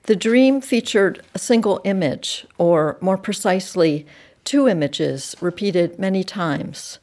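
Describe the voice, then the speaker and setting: A woman reading a dark literary story aloud, measured and dropping soft at sentence ends. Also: lowish voice. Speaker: narrator. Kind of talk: audiobook reading.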